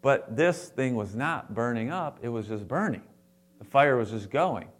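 A man preaching a sermon as a pastor to his congregation, animated and playful, acting out the lines he quotes. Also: mid-range voice, moderate pace.

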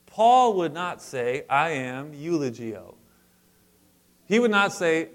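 A man's voice: on the high side, sing-song, takes it slowly. Man, pastor, conversational sermon, casual asides, emphatic peaks, church. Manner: conversational preaching with asides and light humor.

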